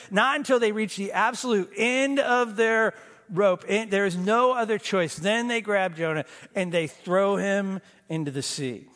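A middle-aged pastor preaching a sermon in a conversational way, with self-deprecating humor, acting out the voices of the story. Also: male voice, high voice, a bit bright. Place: church sanctuary. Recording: long hall reverb.

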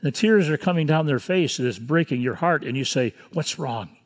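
A man in his sixties preaching a sermon as pastor, earnest and measured, with pauses between phrases. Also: a little high, animated, in a large hall. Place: church sanctuary.

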